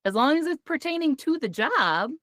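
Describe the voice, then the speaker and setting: A woman's voice: sits high, very animated, moderate pace, fairly bright tone, no echo, clean studio sound. A woman hosting a podcast, chatting casually, telling stories and laughing often. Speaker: podcast host.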